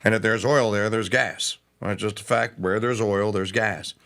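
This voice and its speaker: A man's voice: fairly low pitch, fairly even intonation, moderate pace, gravelly, a bit bright. A man hosting a political talk show, giving opinionated commentary with sarcastic asides. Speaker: radio show host.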